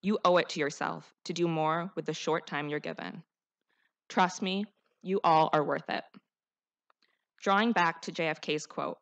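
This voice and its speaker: A woman's voice: deep voice, steady tone, normal speed, pauses often, highs cut off. A teenage girl, the class salutatorian, giving an earnest, heartfelt and rousing graduation speech at a podium microphone. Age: teens. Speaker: student speaker, salutatorian.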